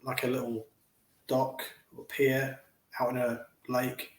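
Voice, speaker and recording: A man co-hosting a casual movie chat, quiet and halting, searching for words. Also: mid-range voice, monotone. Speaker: co-host. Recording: roomy echo.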